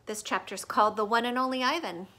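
A woman reading a children's novel aloud, stopping in a gentle, teacherly way to explain words and story craft. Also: on the high side, quick pace. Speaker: read-aloud host.

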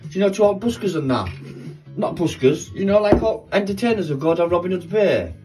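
A man with a fairly high, lively voice, joking and rambling through a home baking vlog. He talks casually from his kitchen, with rock guitar music clearly playing behind him. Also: a little fast. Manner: jokey rambling storyteller. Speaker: vlogger. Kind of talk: casual chat while baking. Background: rock music playing from a smart speaker.

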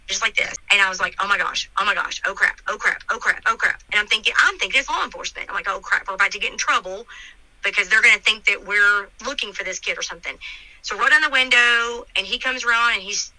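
A woman's voice: mid-range voice, bright, forceful tone, no echo, low-quality recording. A middle-aged woman telling her account in an interview, animatedly retelling events and acting out the dialogue. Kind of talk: emotional storytelling in an interview.

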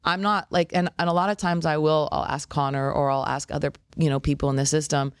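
A woman's voice: low-pitched, brisk, clean tone, no echo, clean studio sound. A woman guest who owns a martial arts gym, telling stories in a casual interview and laughing easily. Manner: lively storyteller, laughs easily. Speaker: podcast guest, jiu-jitsu gym owner and coach.

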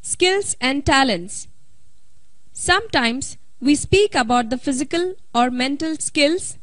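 A woman narrating an English lesson in a slow, deliberate, scripted way. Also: sits high, dry recording.

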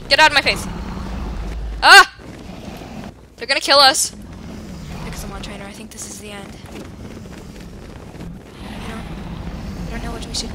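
A woman's voice: fairly high pitch, sharp tone, a little hiss or hum. A woman giving playful, silly commentary while playing a video game. She cracks jokes at the other players and bursts into dramatic screams and exclamations. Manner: jokey asides to other players. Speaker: gaming YouTuber.

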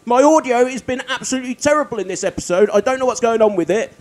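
A man with a strikingly high voice gives let's-play commentary on his own gaming. He mocks himself, chuckles often and breaks into exasperated outbursts. He talks into a desk microphone. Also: expressive, quick pace, darkish tone. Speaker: gaming video creator.

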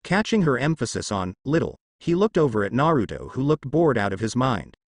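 A man narrating fan fiction in an expressive, lightly humorous storybook reading. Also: medium pitch, fairly quick, no room sound, clean studio sound.

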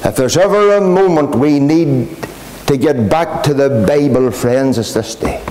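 A man's voice: on the high side, measured pace, dark tone, a little hiss or hum. A Northern Irish pastor preaching an emphatic, repetitive gospel sermon in a gospel hall, calling his listeners friends.

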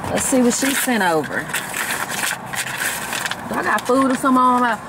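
A woman's voice: a little high, lively intonation, moderate pace, heavy background noise. A woman with a Southern country accent chatting bluntly and jokingly in a casual vlog from a parked car, eating while she talks. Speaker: vlogger.

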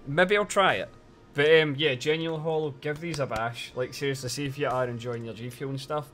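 A man's voice: medium pitch, steady tone, quick pace, a bit bright. A man chatting casually on a live stream, teasing his chat and swearing a lot while complaining that he is cold.

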